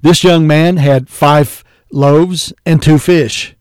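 A man's voice: on the high side, fairly even intonation, takes it slowly, darkish tone, clean tone, no echo, clean studio sound. A man preaching a sermon, reading scripture aloud and calling his listeners folks. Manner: earnest preaching, reads scripture in King James wording; addresses listeners as folks and believer.

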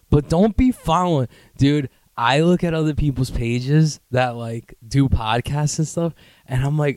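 A man's voice: a little slow, darkish tone, no echo, studio quality. Profane rambling young man on a podcast. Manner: profane, rambling, self-mocking, does mocking high voices. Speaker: podcast host. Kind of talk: casual solo podcast rant.

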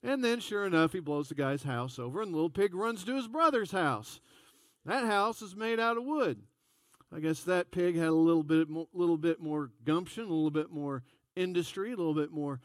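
A man's voice: fairly high pitch, dry recording, clean studio sound. A man preaching a sermon in a folksy, conversational storytelling way. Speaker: pastor.

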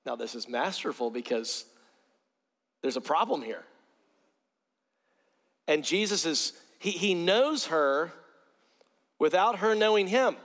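A man's voice: on the high side, animated, slow pace, long pauses, a bit bright. A man preaching a sermon, earnest, often repeating words as he starts a phrase. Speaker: pastor. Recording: long hall reverb.

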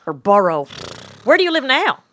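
A woman's voice: high-pitched, big pitch swings, moderate pace, a bit bright. A woman hosting a casual chat, blunt and crude and teasing her guest. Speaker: host.

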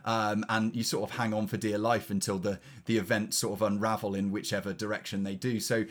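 A man's voice: lowish voice, little pitch movement, fairly quick. A man co-hosting a film review podcast, wry and articulate, moving between read synopses and loose chat. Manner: wry, articulate, with fillers and restarts.

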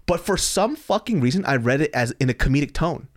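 A young man, a comedian, telling candid, profane stories in a casual podcast chat, often breaking into laughter and shouted self-mockery. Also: fairly high pitch, animated, a little fast, no room sound, clean studio sound. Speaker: comedian and YouTuber guest.

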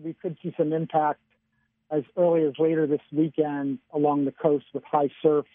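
A man giving a casual radio weather forecast by phone, chatty and relaxed, often chuckling. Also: a little high, normal speed, dry recording. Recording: tinny phone line.

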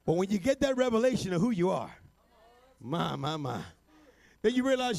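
A man preaching a sermon, building to shouted, rhythmic refrains and sprinkling his lines with "amen" and "uh". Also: high-pitched, sing-song, normal speed, vocal fry, long pauses.

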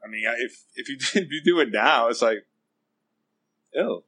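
A man's voice: mid-range voice, lively intonation, a little fast, pushed and bright, poor audio. A man in casual chat who rambles with lots of fillers and dry humor.

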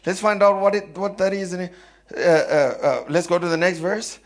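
A man's voice: high voice, fairly even intonation, moderate pace. A man preaching a sermon, calling out questions for the congregation to answer and laughing often. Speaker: pastor.

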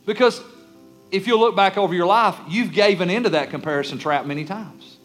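A man's voice: high voice, brisk, fairly bright tone, soft background music. A man preaching a sermon as a pastor, emphatic, sometimes acting out the pleading voices of churchgoers and children. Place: church sanctuary.

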